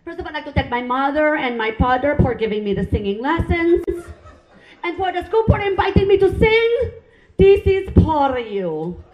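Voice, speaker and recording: A woman's voice: high-pitched, very animated, lo-fi sound, pitched above the performer's own voice. Woman putting on a Filipino teen boy crooner. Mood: earnest crooning. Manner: slow, heartfelt, overly dramatic singing. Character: earnest teenage boy crooning at a school talent show. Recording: roomy club sound.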